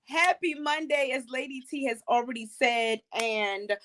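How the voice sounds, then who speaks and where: A middle-aged woman hosting an online talk show, energetic and preacherly, with many fillers. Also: sits high, a little slow, a little hiss or hum. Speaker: host.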